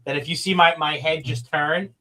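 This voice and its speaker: A man's voice: fairly high pitch, fairly even intonation, pushed and bright. Eager man stumbling over his words. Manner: enthusiastic, halting, lots of fillers. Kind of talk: casual live-stream chat.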